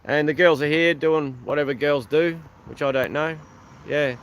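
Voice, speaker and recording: A man's voice: a little high, fairly even intonation, moderate pace, slight background noise. An Australian man chatting casually on a livestream outdoors, rambling and thanking viewers by name. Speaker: livestream host. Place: outdoors beside an old truck.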